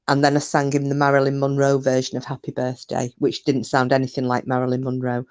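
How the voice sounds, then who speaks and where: A woman's voice: rumbling low, completely flat delivery, quick pace, few pauses, a little mellow. A woman hosting a casual live chat, laughing often and swearing casually. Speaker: live stream host. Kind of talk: casual chat reading viewer comments. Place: home, windy day.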